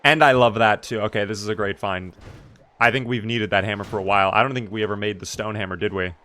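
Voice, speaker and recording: A man's voice: fairly low pitch, fairly even intonation, quick pace, sharp tone, slight background noise. A man streaming a game live, chatting casually and answering his chat as he plays.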